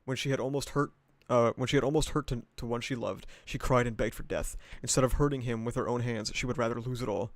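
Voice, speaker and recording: A man's voice: medium pitch, fairly even intonation, fast, hardly any pauses, no echo. A man streaming himself reading a novel aloud, breaking off into casual, profane asides and laughter.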